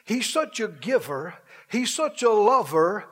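Male preacher, very high voice, swooping and animated delivery, exuberant, given to laughing shouts. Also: husky. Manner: drawn-out, emphatic phrasing. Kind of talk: sermon.

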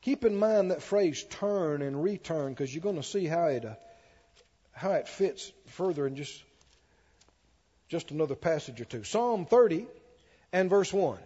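A man's voice: a little high, expressive, a little slow, long pauses, mellow, husky, big-room sound, dull audio. A man preaching a sermon to a church congregation. He reads scripture aloud with swelling emphasis and keeps asking the congregation questions.

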